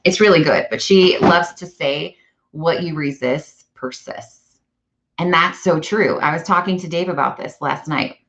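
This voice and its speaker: A woman chatting casually on a live stream, animated and self-correcting as she talks. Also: fairly low pitch, normal speed, hardly any pauses. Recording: dull lo-fi live-stream audio.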